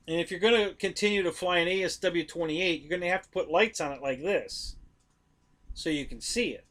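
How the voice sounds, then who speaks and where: A man's voice: high-pitched, moderate pace, fairly bright tone. A man hosting a live stream, chatting casually about model planes, rambling, correcting himself and talking straight to his viewers.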